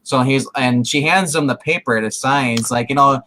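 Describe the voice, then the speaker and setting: A podcast co-host on a casual show, this man has a medium-pitched, sharp-toned voice at normal speed. He rambles through a TV episode recap with many restarts, quoting characters and laughing. The low-quality recording has a little hiss or hum.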